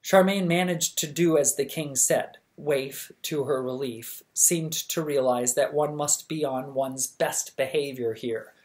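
A reader narrating a children's novel at bedtime, measured and even. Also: medium pitch. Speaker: audiobook reader. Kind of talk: scripted storybook narration.

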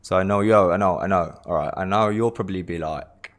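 Talking fairly quickly with hardly any pauses, this low-pitched, slightly bright-voiced man in his twenties casually introduces himself as a lifestylist. Japanese is his native language and his English carries a British tinge; he repeats words and slips in jokey asides.

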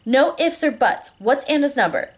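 A woman voicing a bubbly, pushy young woman who is the narrator's little sister, talking loud and excited. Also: high voice, normal speed, voice pushed up.

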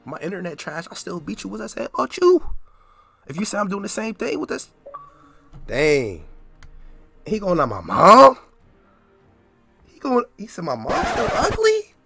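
A young man talks over his gameplay in a higher-than-usual, very lively voice that swoops up and down as he reacts. He sounds incredulous, stammers and repeats phrases, and faint lo-fi music plays underneath. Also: normal speed, gravelly, long pauses, slightly rough, no room sound. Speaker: gaming video creator. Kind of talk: casual gameplay commentary.

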